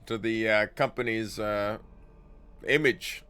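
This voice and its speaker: A man's voice: medium pitch, unhurried, fairly bright tone, clean tone, soft background music. A young man livestreaming a game, joking profanely and laughing often. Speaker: streamer. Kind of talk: casual gaming livestream chat.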